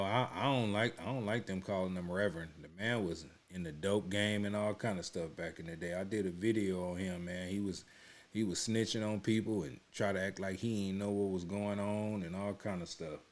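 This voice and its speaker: A man's voice: low-pitched, steady tone, moderate pace. A man hosting a reaction video, chatting loosely to viewers with many restarts and repeated words. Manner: talks to viewers as "y'all". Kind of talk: casual running commentary.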